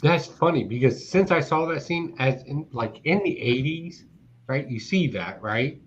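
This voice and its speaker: A man hosts a casual online hangout and teases his guests crudely, his pitch swinging all over the place. The sound is dull and lo-fi, with faint noise underneath. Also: expressive, a little slow. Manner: crude, teasing banter. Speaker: hangout host. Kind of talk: casual online panel chat.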